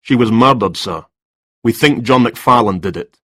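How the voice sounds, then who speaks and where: A man's voice: mid-range voice, moderate pace, a bit bright, no room sound, studio quality, lightly acted. A man reading a story, voicing a stern male police detective with firm, clipped lines, a little raised from his usual tone.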